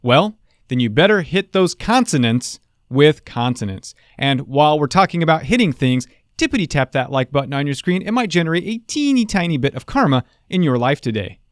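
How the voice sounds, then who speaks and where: Playful man with a lively, high voice. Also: brisk, no room sound, clean studio sound. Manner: playful, jokey, upbeat. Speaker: host and public speaking teacher. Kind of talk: scripted video lesson.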